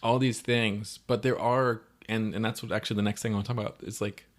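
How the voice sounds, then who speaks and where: A man co-hosting a podcast, casually recapping a movie and acting out characters' lines in quick quoted voices. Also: lowish voice, fairly even intonation. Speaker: podcast co-host.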